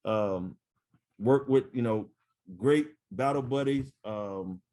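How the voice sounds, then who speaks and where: A middle-aged man recounts his army days in a relaxed, casual interview. His pitch sits in an ordinary middle range, and he talks in an animated way, sprinkling in fillers and easy laughs as the stories roll along. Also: slow. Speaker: retired army first sergeant guest.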